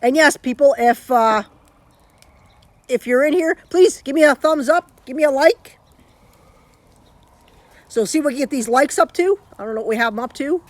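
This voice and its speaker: A Canadian woman with a slightly high voice chats on a live stream, rambling loosely and often restarting her thoughts. She talks straight into her phone from home. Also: moderate pace, long pauses, no room sound. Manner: rambling, chatty, with frequent restarts. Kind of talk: casual live-stream chat.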